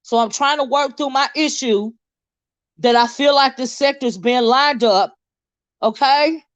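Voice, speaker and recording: A woman's voice: sits high, unhurried, no room sound, highs cut off. A woman hosting a livestream in casual chat, fired up, blunt and profane, often stumbling over repeated words. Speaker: livestream host.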